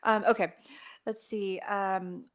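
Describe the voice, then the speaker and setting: A woman's voice: medium pitch, steady tone, slow. A woman chairs a city board meeting in a casual, agreeable manner. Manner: casual, agreeable, with fillers like 'kind of'.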